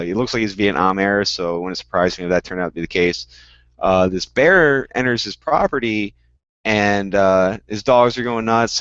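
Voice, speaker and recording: A man chatting casually as a podcast guest, telling stories animatedly and jumping up loud for the punchlines. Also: lowish voice, dry recording, highs cut off. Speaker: guest panelist.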